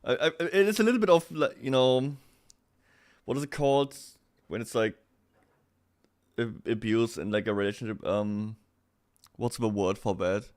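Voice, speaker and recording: A man's voice: medium pitch, moderate pace, pauses often. A young man with a German accent, chatting casually as a streamer, often breaking into laughter. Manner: laughs often, reacts loudly to chat.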